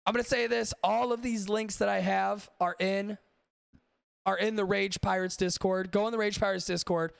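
A man hosts a podcast in loose, rambling banter and swears freely. His voice is high for a man and gravelly. The sound is close and dry. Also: fairly even intonation, moderate pace, no echo. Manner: rambling, swears freely, talks to live chat. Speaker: podcast host. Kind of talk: casual profane chat.

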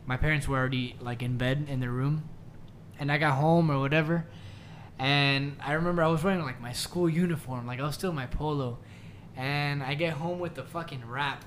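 A man's voice: fairly high pitch, fairly even intonation, fairly quick, fairly bright tone, slight background noise. A young man co-hosting a podcast, telling stories in a laid-back, swearing, laughing way. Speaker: podcast co-host. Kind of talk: casual chat.

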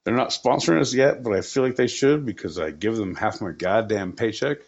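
A man's voice: lowish voice, a little fast, breathy edge, lo-fi sound. A man co-hosting a podcast, joking around in a crude, profane, rambling way. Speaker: podcast co-host. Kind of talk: casual comedic chat.

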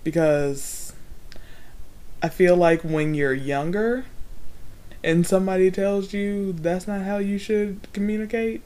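A woman's voice: mid-range voice, fairly even intonation, slow, mellow. A woman co-hosting a casual chat, reflective, often trailing off with fillers.

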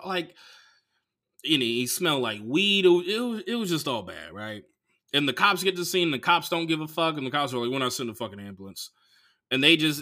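A man hosting a comedy podcast, telling a profane story as a monologue, swinging from mumbled asides to loud outbursts. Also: fairly high pitch. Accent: Bay Area.

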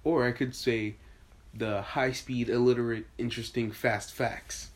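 A man's voice: mid-range voice, little pitch movement, a little slow. A man hosting a casual podcast chat, goofy and rambling, stumbling over his words. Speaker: podcast host.

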